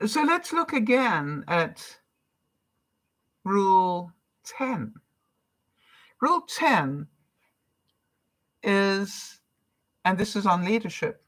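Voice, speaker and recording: A woman's voice: medium pitch, sing-song, very slow, pauses often, a bit bright. An older woman from Canada, a vlogger chatting casually on a live stream, reading out viewer comments and encouraging them between laughs.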